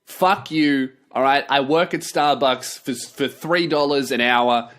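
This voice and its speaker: A man's voice: medium pitch, a little slow, fairly bright tone, pitched below the performer's own voice, natural voice. A man voicing a fed-up young female barista who talks bluntly and swears.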